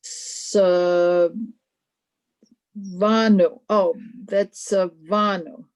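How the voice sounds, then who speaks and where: A woman's voice: lowish voice, fairly even intonation, extremely slow, darkish tone, smooth, poor audio. A woman student answering in an online class over a video call, hesitant and thinking aloud as she works it out.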